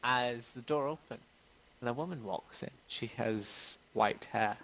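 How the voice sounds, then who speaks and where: A man's voice: mid-range voice, unhurried, a bit bright, a little hiss or hum, poor audio. A man narrating as game master, casual, with joking, profane asides.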